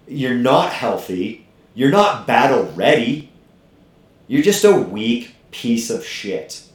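A middle-aged man hosting a podcast as a gym owner, talking bluntly and profanely in a fired-up motivational way. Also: medium pitch. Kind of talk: casual podcast chat. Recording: echoey room.

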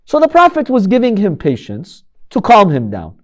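Guy lecturing on religious history, lively up-and-down voice, pretty high, dramatic rhetorical questions. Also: moderate pace.

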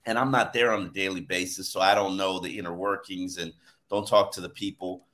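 A man hosting a sports podcast, talking in an animated, emphatic way in casual chat about football. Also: low-pitched, fairly quick. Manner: animated, emphatic, laughs while telling stories. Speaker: sports podcast host and former beat reporter.

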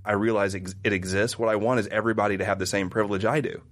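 A Midwestern American man appears as a guest in a casual conversation, animatedly telling stories and acting out the voices he quotes. His voice is on the low side and he talks very fast.

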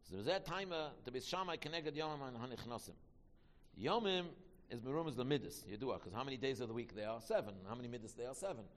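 A man teaching a Torah class, talking quickly, repeating himself and restarting phrases. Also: medium pitch, animated, big-room sound. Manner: quick, repetitive, with many restarts.

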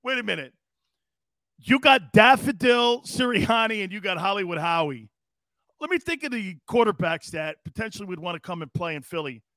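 A man's voice: high-pitched, expressive, moderate pace, bright, forceful tone, dry recording, clean studio sound. A man hosting a sports talk show, ranting in a brash, mocking way with profanity.

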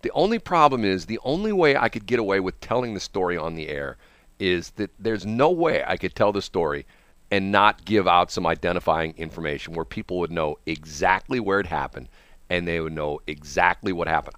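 Lively low-voiced male radio host. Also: moderate pace, no echo. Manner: animated, laughs often, acts out other people's lines. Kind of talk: casual storytelling chat.

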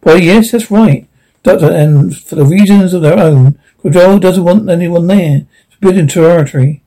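A man's voice: high-pitched, normal speed, mellow. A man reading an eccentric curious time-traveller. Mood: inquisitive.

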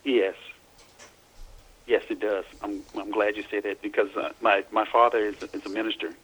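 A middle-aged man, a guest author, recounting his experiences in a halting way, repeating words as he searches for them. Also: lowish voice, flat delivery, a bit bright, slightly rough, poor audio. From Louisiana, US. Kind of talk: casual interview, recounting personal experiences.

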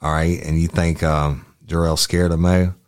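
A deep, quiet police detective, as a man reads his lines, asking a witness questions in a plain, low-key way. Nothing is dramatized. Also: little pitch movement, moderate pace, clear, resonant tone, lightly acted. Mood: questioning.

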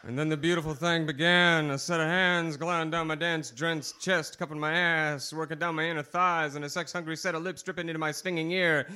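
A man with a high, very bright and cutting voice performs a slam poem on a live bar stage. He is theatrical, lurching from shouted bursts down to near whispers. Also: steady tone, brisk, hardly any pauses, smooth. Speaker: slam poet.

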